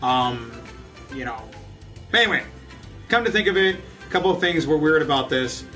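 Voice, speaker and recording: Brief: fairly high-voiced guy, sits back from the mic, cussing gamer rant. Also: lively intonation, normal speed, bright, forceful tone. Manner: profane, ranting, laughs often. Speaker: let's play host. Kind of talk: casual gameplay commentary chatting with viewers. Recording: distant mic with game music behind.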